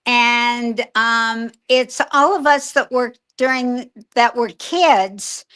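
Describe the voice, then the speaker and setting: An older woman chatting as a guest on a video call, laughing often and greeting people warmly. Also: fairly high pitch, takes it slowly. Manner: giggly, warm greetings. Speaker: guest, former child actress. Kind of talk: casual interview chat.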